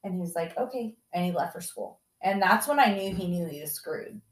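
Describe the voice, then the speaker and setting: A woman's voice: fairly low pitch, a little fast, echoey room. A woman in her forties, a mother candidly telling a family story in casual chat, full of "like" fillers. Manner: candid, emotional, many "like" fillers.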